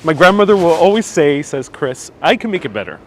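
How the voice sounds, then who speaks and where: Slightly high-voiced guy, kinda stuffy nose, chatting to viewers on a street walk, faint traffic behind. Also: big pitch swings, brisk. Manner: chatty, reads viewer comments aloud, laughs often. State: a bit stuffy-nosed. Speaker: live-stream walking tour host. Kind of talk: casual live-stream chat while walking. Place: outdoors on busy city streets. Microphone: wireless clip-on mic. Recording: faint street noise outdoors.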